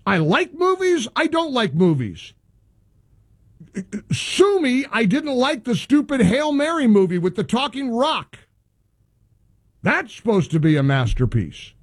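A middle-aged male radio host, clearly fed up and ranting. His voice sits high and swings widely up and down, with a slightly husky edge. The sound is close and dry. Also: normal speed, dry recording. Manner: exasperated, ranting, animated. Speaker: radio talk show host. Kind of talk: casual talk radio monologue.

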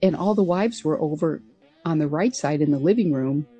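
A woman's voice: low-pitched, animated, moderate pace, mellow, soft background music. A woman guest being interviewed about her years as a pilot, speaking earnestly and conversationally with frequent restarts. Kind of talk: conversational storytelling.

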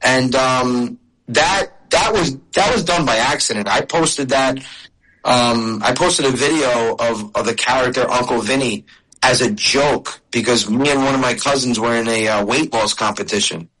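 A middle-aged man talking casually in an interview with a bright, forward voice. He tells stories in a chatty way, often restarting his sentences. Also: medium pitch, moderate pace, breathy edge, rough recording. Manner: storytelling, chatty with restarts and laughs. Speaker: comedian and video creator.

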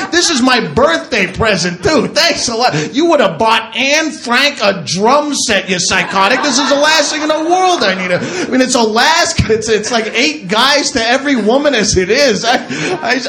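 A man performing raunchy stand-up comedy in a club, breaking into shouted outrage. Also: very high voice. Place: comedy club before a live audience. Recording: live club recording with background noise.

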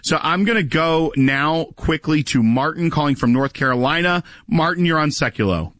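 A man's voice: on the high side, animated, moderate pace, a bit bright, no room sound. A man hosting a call-in radio talk show, chatting energetically with callers.

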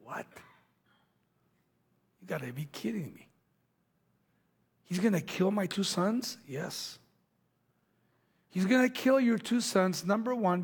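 High husky preacher guy, gravelly, acts out the bible story, goes real quiet sometimes. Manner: dramatic, acts out quoted voices, drops to near-whispers. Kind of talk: sermon storytelling.

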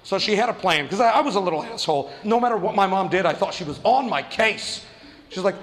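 A man doing stand-up, telling a story in an animated way and jumping into quoted voices. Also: high voice, quick pace, big-room sound, a little hiss or hum. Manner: animated, acts out quoted voices with big jumps. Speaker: stand-up comedian.

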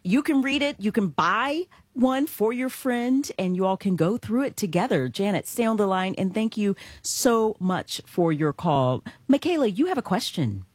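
A woman's voice: mid-range voice, expressive, moderate pace, hardly any pauses, no room sound, clean studio sound. A woman hosting a Christian call-in radio show, affirming callers and guiding the talk. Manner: warm affirming murmurs, pastoral. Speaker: radio host.

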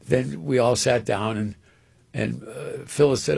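Gravelly man telling a rambling story. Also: medium pitch, moderate pace. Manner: animated, rambling, repeats words. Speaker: guest storyteller. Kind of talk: casual anecdote on radio.

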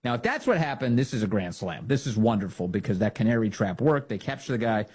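Husky man mocking the news. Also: fairly low pitch, fast talker. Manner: mocking, derisive, animated. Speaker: political commentary host. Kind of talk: sarcastic commentary.

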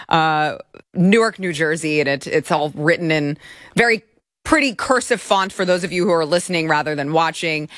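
Woman host, opinionated political commentary, mocking and indignant, lower-pitched and very animated. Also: no room sound, clean studio sound. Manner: sarcastic, indignant, mocking put-on voices.

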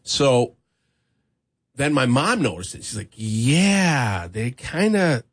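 A medium-pitched man speaking at a slow pace spins a long, casual story on a talk show. His telling is rambling and animated, loaded with fillers and restarts.

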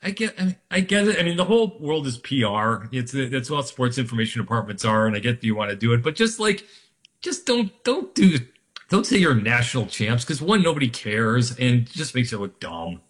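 Lively radio co-host guy, swoopy pitch, exasperated, lots of likes. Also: a little fast. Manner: animated, exasperated, many fillers. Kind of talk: casual sports talk.

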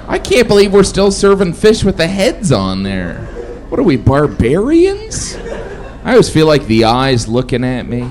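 Male stand-up comic, animated, does quick character voices, noisy live room. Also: mid-range voice. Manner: animated, slipping into mock voices for the bits. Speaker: stand-up comedian. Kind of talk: stand-up comedy set.

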